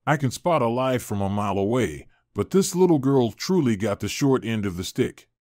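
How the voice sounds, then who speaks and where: A man voicing a teasing, blunt old village witch-healer woman with a creaky voice, in a storybook reading. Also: mid-range voice, animated, moderate pace, a little mellow, dry recording, studio quality, natural voice. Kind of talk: storybook narration.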